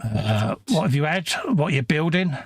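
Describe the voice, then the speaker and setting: A sniffly man from England with a southern English accent co-hosts a live model-building stream, chatting casually as a model kit is built. His fairly high, expressive, husky voice moves at a measured pace in a dry, studio-quality recording. He jokes around in chatty banter and reads out viewer comments.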